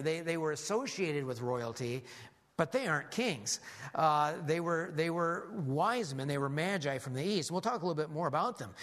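A man preaching a sermon as a lively story, animated, with frequent restarts. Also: a little high.

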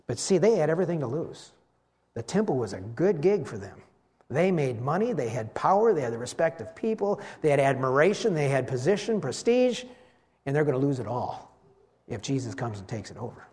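A man preaching a sermon, telling Bible stories with animated delivery and acting out the voices of the people in them. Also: fairly high pitch, normal speed. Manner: animated storytelling, acts out voices of biblical figures.

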